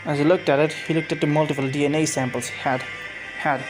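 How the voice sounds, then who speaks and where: A man's voice: fairly high pitch, steady tone, fast, rough recording. A man casually reading aloud his own fan-made story, rambling with frequent restarts and self-corrections. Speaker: fan fiction narrator. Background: music.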